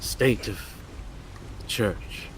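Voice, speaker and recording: A man's voice: extremely slow, slight background noise. A man voicing a grief-stricken old village priest who seems distracted and keeps repeating himself. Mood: mournful.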